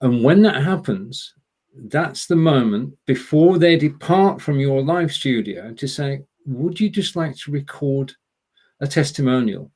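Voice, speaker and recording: A man's voice: mid-range voice, expressive, unhurried, a little mellow, breathy edge. A man hosting a live stream chat over a video call, making points steadily and building on what others said. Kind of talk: casual discussion.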